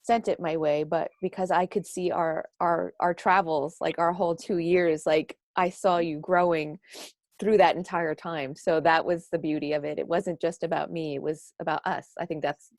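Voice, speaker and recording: A woman's voice: low-pitched, steady tone, normal speed, darkish tone, no room sound. A woman in her thirties, a life coach, talking in an emotional live video chat, teary and effusive as she thanks a guest and talks into her tablet. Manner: gushing, laughing, tearful and effusive. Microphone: tablet mic.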